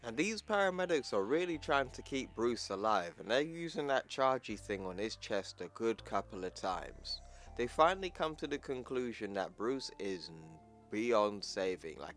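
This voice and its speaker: Casting: young male comic reviewer, relaxed and slangy, faint music underneath. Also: fairly low pitch. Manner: chatty and slangy, with asides to viewers. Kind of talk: casual comic recap narration.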